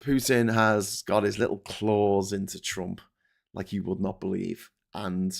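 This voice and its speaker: Sweary, animated British man. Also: fairly low pitch, measured pace, creaky. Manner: animated, sweary, rambling with restarts. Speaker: host of a live commentary show. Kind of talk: casual political commentary.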